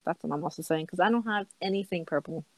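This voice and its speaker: A woman on a group video call, organizing the plans with a bossy, joking manner and quick laughs. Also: fairly low pitch, no echo. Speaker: organizer of a group parody film. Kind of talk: casual chat on a group call.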